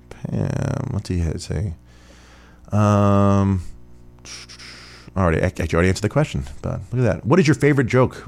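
A podcast host from Rochester, New York, with a deep voice and darkish tone, answers listener questions in a casual Q&A. He rambles and chats, using many fillers.

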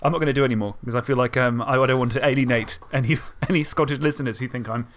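A man's voice: mid-range voice, fairly even intonation, very fast, a little hiss or hum. A man from the Isle of Wight with a southern English accent, a podcast co-host in casual, self-mocking chat that wanders off track, with the odd swear word.

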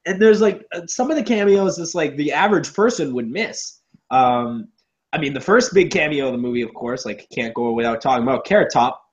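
A man co-hosting a casual movie review chat, sarcastic and animated, swearing freely. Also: fairly high pitch, brisk. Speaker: podcast co-host. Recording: dull lo-fi audio.

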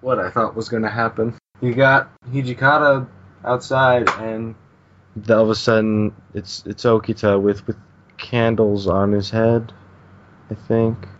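A man's voice: lowish voice, little pitch movement, a little slow, dull audio, a little hiss or hum. A man co-hosting a podcast, loosely retelling comic scenes and swearing now and then. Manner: narrates scenes loosely, with swearing and quoted lines. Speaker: podcast co-host. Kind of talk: casual chat recapping a manga.

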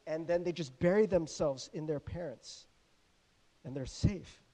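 A middle-aged man preaching a sermon in a conversational, animated way, laughing often and putting questions to the congregation. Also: on the high side, unhurried. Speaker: pastor. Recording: long hall reverb.

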